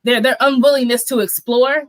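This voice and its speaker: A woman guest speaks frankly in a casual podcast chat, her voice a little high. She sometimes pauses to search for words. The sound is dry and close. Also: fairly even intonation, dry recording.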